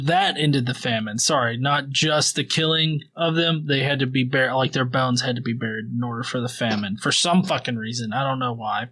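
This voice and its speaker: A man's voice: mid-range voice, fairly bright tone. A man hosting a podcast, recapping the Bible in a casual, profane and sarcastic way, rambling with fillers. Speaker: podcast host.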